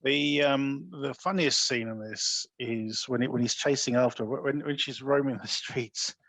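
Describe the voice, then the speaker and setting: A man with a husky, slightly raspy voice chats casually about a film on a podcast. He retells scenes with a laugh, and the recording sounds dry and close. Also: medium pitch, unhurried, a bit bright, no echo. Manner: laughs easily, acts out quoted lines. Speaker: podcast co-host. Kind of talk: casual film review chat.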